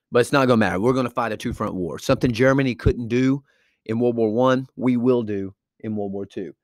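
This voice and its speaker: A man's voice: on the low side, no room sound, clean studio sound. A man teaching a history lecture in a loose, informal way, with fillers and restarts, speaking directly to his students. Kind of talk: classroom lecture.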